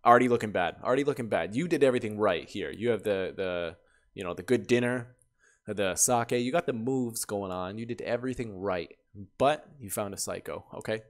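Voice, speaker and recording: Man reading stories with lively reactions. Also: on the low side, a little fast. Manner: animated, laughing reactions between readings. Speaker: YouTuber reading Reddit stories. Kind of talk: reading stories aloud with commentary.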